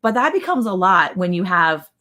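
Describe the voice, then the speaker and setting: A woman's voice: on the low side, very animated, normal speed, bright, forceful tone. A middle-aged woman hosting a casual live chat, telling rambling stories and acting out quotes. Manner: rambling storyteller, acts out quotes. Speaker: host.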